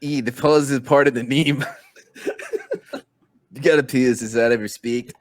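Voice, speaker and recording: A man's voice: medium pitch, unhurried. A man playing a tabletop game, joking around and trying out an accent for his character. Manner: jokey, animated, attempts a put-on accent. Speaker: player. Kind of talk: casual tabletop game play.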